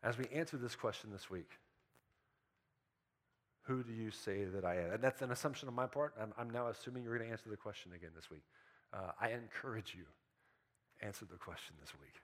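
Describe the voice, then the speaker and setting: A man's voice: lowish voice, fairly quick, long pauses. A man preaching a sermon in a casual, conversational way. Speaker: pastor. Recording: soft guitar music behind.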